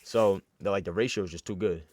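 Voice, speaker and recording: Young man, low voice, dry close sound, animated slangy storytelling, lots of fillers. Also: fast, no echo. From New York. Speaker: vlogger telling a story. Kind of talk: casual storytelling.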